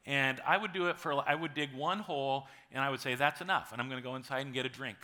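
A man in his forties, a pastor preaching a sermon in a conversational storytelling way, with dramatic pauses. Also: mid-range voice, steady tone, sharp tone.

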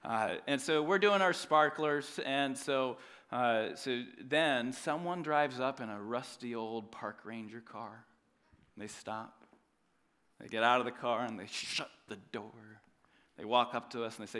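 Pastor, male, 30s, bright forceful tone, storytelling sermon with jokes and big swings in volume. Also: medium pitch, measured pace, clear, resonant tone. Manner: animated, joking, swings between loud emphasis and quiet asides.

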